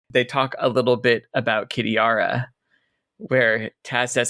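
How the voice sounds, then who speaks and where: A man's voice: mid-range voice, steady tone, normal speed, fairly bright tone, dry recording, studio quality. A man co-hosting a book podcast, summarizing chapters and reading passages aloud between casual comments. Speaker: podcast co-host.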